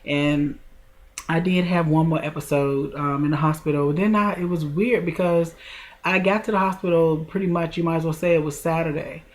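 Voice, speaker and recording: A woman's voice: sits low, steady tone, a little hiss or hum. A woman in her forties telling a personal story in a casual vlog, chatty and talking straight to her viewers. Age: 40s. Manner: chatty, addresses viewers directly, drawn-out emotional retelling. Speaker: vlogger.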